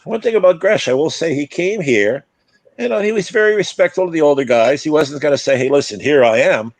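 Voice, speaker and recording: An older former player and broadcaster telling stories in a rambling way, restarting sentences and acting out quotes. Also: male voice, fairly high pitch, lively intonation, brisk, no room sound. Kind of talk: casual storytelling chat.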